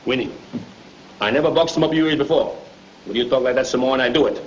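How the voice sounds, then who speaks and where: An actor playing a hot-tempered but big-hearted Italian immigrant grocer, speaking broken English with an Italian accent and Italian phrases. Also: male voice, medium pitch, fast talker, close to an everyday voice. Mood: jovial. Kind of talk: 1930s film acting. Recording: dull scratchy 1930s film soundtrack.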